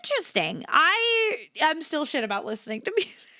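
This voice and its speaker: A young woman streaming as a VTuber, talking casually to her chat in a bright, fairly high voice. Her pitch swings widely as she shifts between upbeat energy and a flatter, low-key delivery. The sound is close and dry. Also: normal speed, no room sound.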